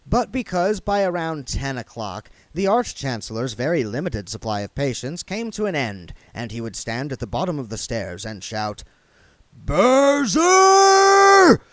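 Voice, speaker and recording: A man reading a comic novel aloud in lively, expressive narration. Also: mid-range voice, moderate pace, no echo. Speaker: reader.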